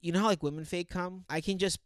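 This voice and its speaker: A man's voice: sits high, fairly even intonation, fast. A young man co-hosting a podcast, rambling through stories in casual chat and laughing often. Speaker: podcast co-host.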